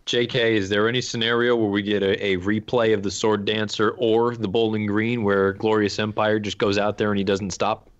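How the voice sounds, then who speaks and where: A man, a podcast host, leads a horse racing panel and tosses questions to his co-hosts. His voice sits somewhat low. The sound is dull and lo-fi. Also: level tone, normal speed, hardly any pauses. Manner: moderating, posing questions to panelists.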